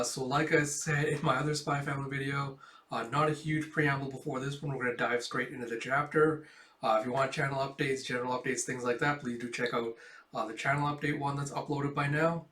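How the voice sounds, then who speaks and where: A man's voice: medium pitch, pushed and bright. A man hosting a casual manga reading, chatty and laughing, with lots of fillers. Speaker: host. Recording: roomy sound from a distant mic.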